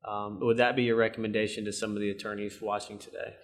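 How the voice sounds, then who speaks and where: A man interviewing an attorney, politely summarizing her points with a slightly halting delivery. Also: lowish voice, level tone. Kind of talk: professional interview.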